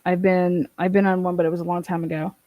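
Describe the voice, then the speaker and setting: A woman's voice: fairly low pitch, flat delivery, fast talker, dry recording, highs cut off. A woman hosting a casual livestream, chatting and reading out viewer comments, swearing and laughing often. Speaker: livestream host reading chat.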